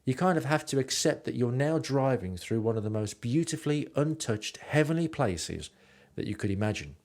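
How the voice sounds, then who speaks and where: A man's voice: mid-range voice, lively intonation, moderate pace, darkish tone. A man narrating his travel stories in a rambling, self-mocking way with lots of ums. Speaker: podcast host and narrator.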